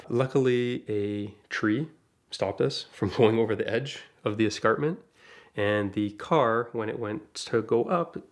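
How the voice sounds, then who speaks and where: A man telling a casual first-person story about crashing his car, chatty and lively, with asides and small laughs. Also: on the low side. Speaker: DeLorean rental owner telling a crash story.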